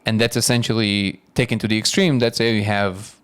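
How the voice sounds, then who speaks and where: A man with a low voice sits as a guest in a casual conversation. He is analytical and measured, and he restates points to check that he understands them. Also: fairly even intonation, smooth. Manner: thoughtful, analytical, paraphrasing ideas back. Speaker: guest, actor.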